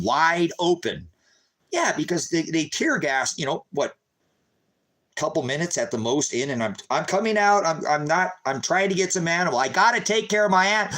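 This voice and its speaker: A man delivering an impassioned, agitated monologue to his viewers, calling them brothers and sisters, sometimes rising to a loud, high-pitched telling. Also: low-quality recording. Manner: grows loud and high when recounting the raid. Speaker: street preacher vlogger.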